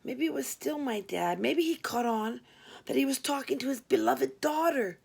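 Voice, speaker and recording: A woman's voice: high-pitched, lively intonation, normal speed, vocal fry, darkish tone, slightly rough. A woman narrating a first-person story in a dry, wry manner. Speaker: audiobook narrator.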